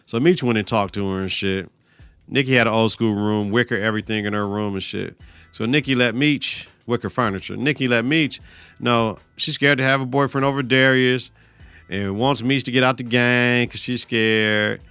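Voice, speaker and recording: Male podcast host, profane and animated, bright forceful voice, dry close mic. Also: mid-range voice, normal speed, clean tone, no echo. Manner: profane, animated retelling with laughter and mock outrage. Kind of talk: episode reaction podcast.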